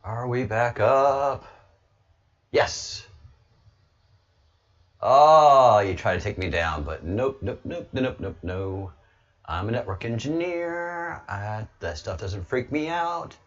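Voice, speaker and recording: A man talking casually on his livestream, rambling and now and then breaking into loud, excited bursts. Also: mid-range voice, takes it slowly, long pauses. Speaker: livestreamer, political commentator.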